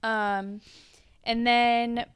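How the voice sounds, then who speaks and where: A woman's voice: drawn-out words, clean tone. A woman co-hosting a podcast, recapping an episode in casual chat and acting out the characters' lines. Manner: animated, acts out characters' lines in higher voices. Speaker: podcast co-host.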